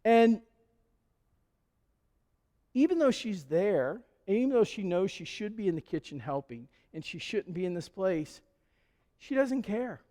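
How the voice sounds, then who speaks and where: A male pastor tells stories from the pulpit in a high, easygoing voice. His relaxed sermon rings out through a church with a long reverb. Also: measured pace, pauses often. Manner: conversational storytelling with chuckles. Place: church sanctuary.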